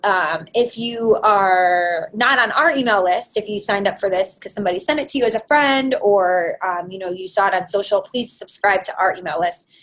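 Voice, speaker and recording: A woman's voice: mid-range voice, low-quality recording. A woman hosts a live webinar and works through audience questions. She talks casually and loosely, with plenty of "um"s and "you know"s. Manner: conversational, frequent fillers. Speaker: webinar host.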